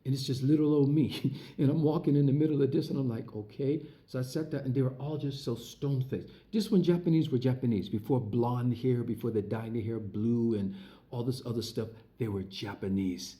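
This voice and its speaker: A man telling a personal story in casual talk, acting out the voices of others as he goes and filling pauses with lots of uhs. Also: mid-range voice. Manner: animated storyteller, acts out quoted voices; frequent fillers and restarts. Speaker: entertainer recounting his past. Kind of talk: casual spoken anecdote.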